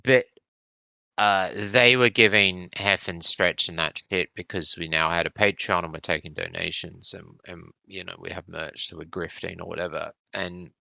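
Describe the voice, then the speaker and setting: Deep gravelly man chatting on stream. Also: steady tone, normal speed, pushed and bright, dry recording. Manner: rambling, swearing, explaining community drama. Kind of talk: casual chat.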